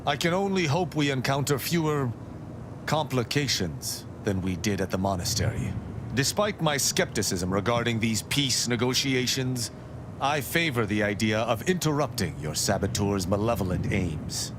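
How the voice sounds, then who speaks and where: A man voicing a skeptical, formal male companion in a video game, speaking in measured, articulate phrases. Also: medium pitch, lively intonation, noisy background, close to an everyday voice. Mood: wary.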